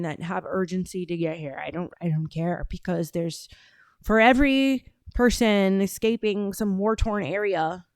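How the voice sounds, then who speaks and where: A woman's voice: mid-range voice, no room sound, clean studio sound. A woman hosting a casual livestream, reading out chat and talking in a brash, profane, drawling way.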